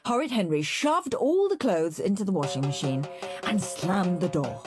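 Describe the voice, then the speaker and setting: A woman reading a children's story aloud, lively and animated. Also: lowish voice, moderate pace, over music. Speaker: narrator.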